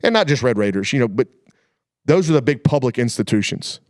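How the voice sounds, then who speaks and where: A man hosts a casual sports talk show, spinning his points in a folksy, colloquial way. His voice sits at an ordinary middle pitch. The sound is dry and close, with no room around it. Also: lively intonation, fairly quick, no room sound. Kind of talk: casual chat.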